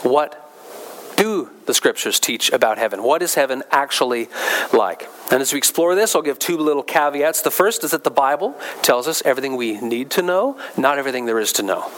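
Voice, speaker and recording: A man's voice: mid-range voice, animated, brisk, poor audio. A male pastor giving a conversational sermon, repeating key phrases for emphasis.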